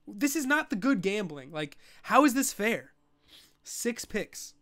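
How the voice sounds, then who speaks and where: Speaking slowly in a high voice on a dry recording, a young man runs a live-streamed fantasy football show. His commentary is casual and excitable, with swearing and frustrated rants.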